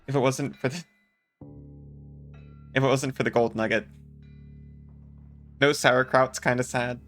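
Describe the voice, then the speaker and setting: A man's voice: medium pitch, steady tone, measured pace, fairly bright tone, soft background music. A man casually commenting on a video game as a streamer, joking and chatting with viewers.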